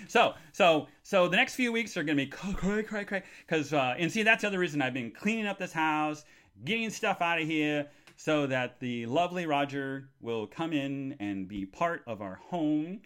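A man hosting a live podcast, rambling with lots of fillers and restarts, excitable and bursting into joyful shouts. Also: on the high side, normal speed. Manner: excitable, shouts and squeals with joy. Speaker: podcast host.

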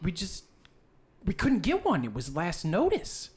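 A man's voice: sits high, wildly swooping pitch, measured pace, a little mellow, pitched above the performer's own voice, full character voice. A man voicing a flustered old woman who runs a gambling booth and rambles through defensive excuses.

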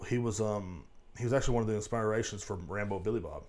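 A man hosts a solo podcast, rambling casually and swearing a lot, with filler like "you know what I'm saying" all through it. His voice is lowish and a little mellow, and he talks fast.

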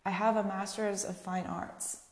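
A woman's voice: medium pitch, level tone, a little slow. A young woman hosting a podcast, talking on her own in a chatty, candid way and swearing freely. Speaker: podcast host. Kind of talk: casual solo podcast monologue. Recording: echoey room.

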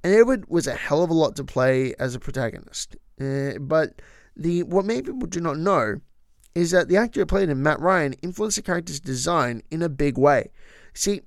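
A man's voice: a little high, lively intonation, fairly quick, vocal fry, dry recording, studio quality. A man hosting a podcast, talking casually and with opinions about trivia, with frequent asides. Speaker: podcast host.

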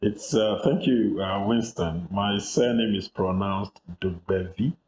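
Deep-voiced Ghanaian man, measured. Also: a little mellow, roomy sound, slight background noise, rough recording. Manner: measured, reflective, with frequent fillers. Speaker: guest journalist. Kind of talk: interview over a remote call. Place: office.

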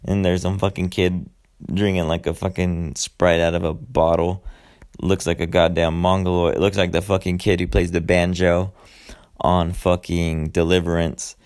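A podcast host with a low, flat, slightly mellow voice talks at a normal pace. He loosely recaps a movie in a rambling, profane way, swearing constantly and drifting into asides. His storytelling is loose and full of fillers.

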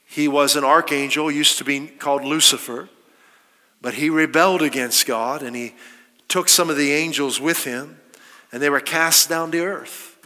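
Bright-voiced preacher in a reverberant hall. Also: male voice, a little high, fairly even intonation, moderate pace. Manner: emphatic, rhetorical questions, quoting scripture. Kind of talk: sermon.

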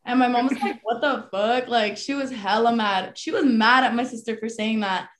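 A woman's voice: on the high side, normal speed, a little hiss or hum. A young woman in casual chat, blunt and slangy, laughing as she tells a family story.

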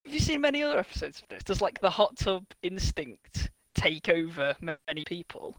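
High-voiced young man, wry. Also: very animated, a little fast, a bit bright, no echo, low-quality recording. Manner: wry, joking, playfully acts out imagined people. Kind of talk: casual chat.

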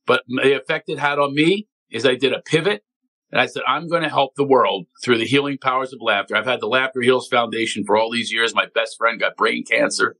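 A comedian guest from Philadelphia, telling stories on a talk show and acting out other people's voices. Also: male voice, mid-range voice, fairly quick, low-quality recording. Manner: animated storyteller, acts out voices of others. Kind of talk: energetic talk show chat.

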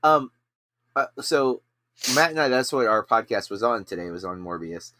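Male podcast co-host, mid-pitched, rambling casual delivery, dry booth sound. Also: expressive, normal speed, sharp tone, dry recording. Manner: rambling, many fillers and restarts.

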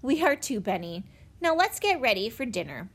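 A woman's voice: fairly high pitch, sing-song, moderate pace, a bit bright, husky, full character voice. A woman voicing a sensible, honest older girl who speaks firmly and politely in a storybook reading. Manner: firm and polite.

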